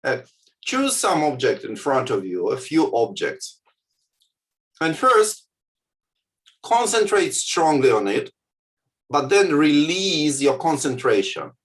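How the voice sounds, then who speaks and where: Animated man with frequent "yeah?" check-ins. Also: fairly high pitch. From Soviet Union. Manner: halting, frequent filler words, checks in with "yeah?". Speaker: lecturer on contemplative practice. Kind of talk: lecture with guided exercise.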